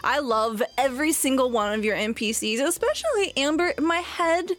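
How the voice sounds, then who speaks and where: A woman's voice: high-pitched, animated, moderate pace. A woman who plays in a tabletop game show, giving heartfelt, gushing thanks and fighting back tears. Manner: warm, gushing, close to tears. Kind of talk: casual farewell chat.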